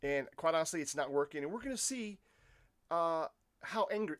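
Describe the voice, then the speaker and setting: A man's voice: a little high, animated, moderate pace, fairly bright tone. A man giving casual, opinionated livestream commentary, firing rhetorical questions at his viewers and often restarting his sentences. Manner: addresses viewers as folks. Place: Poland.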